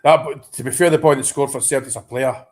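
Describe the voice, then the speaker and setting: A man reacting live as a football fan, excitable and anxious, stammering and restarting his sentences. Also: mid-range voice, brisk. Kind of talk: live match watchalong reaction.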